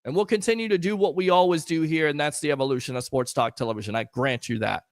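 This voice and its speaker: Man, high-pitched, emotional, rambling, hypes his viewers, live sports stream host, dry sound. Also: fast, no echo. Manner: promotional, hyping the audience. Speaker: sports talk show host.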